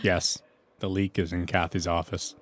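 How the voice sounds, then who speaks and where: A man voicing a stiff, formal office worker with a deadpan manner. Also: sits low, moderate pace, close to an everyday voice. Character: stiff, creepy male office worker Craig.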